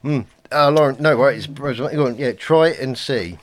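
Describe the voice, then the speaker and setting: A man co-hosting a podcast, chatting casually and bantering over crisps and beer. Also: medium pitch, normal speed. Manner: chatty, lively, banter-filled. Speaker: podcast co-host.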